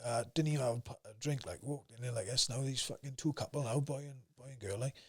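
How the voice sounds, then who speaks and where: A man's voice: mid-range voice, fast, breathy edge. A man in his thirties with a South Wales valleys accent, a podcast guest who tells rambling anecdotes and swears constantly. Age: 30s. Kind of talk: casual storytelling.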